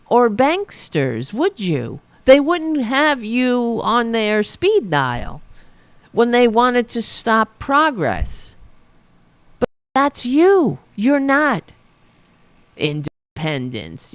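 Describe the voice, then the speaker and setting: A woman's voice: fairly high pitch, no echo. A woman hosting her own podcast, ranting about politics in a sarcastic, profane, mocking way. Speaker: podcast host. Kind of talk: political commentary rant.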